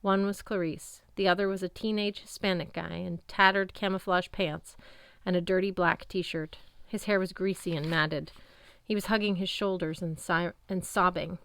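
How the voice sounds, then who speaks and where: A woman narrating a first-person audiobook in an expressive storytelling manner. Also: fairly low pitch, moderate pace, hardly any pauses, smooth, dry recording.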